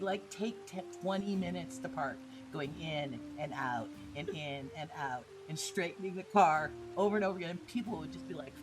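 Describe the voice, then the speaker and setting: A woman's voice: lowish voice, moderate pace, few pauses, music in the background. A woman hosting a casual podcast chat, telling stories bluntly and with animation. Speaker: podcast host.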